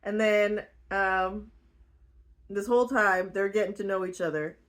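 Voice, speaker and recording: Slow-talking giggly woman recapping a book. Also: mid-range voice, fairly even intonation, fairly bright tone. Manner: giggly, rambling, frequent fillers. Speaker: book reviewer.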